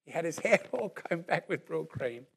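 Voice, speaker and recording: Animated preacher in his sixties. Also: on the high side, normal speed, gravelly, slight background noise. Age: about 60. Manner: animated storyteller who acts out what people said. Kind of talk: storytelling sermon, then prayer.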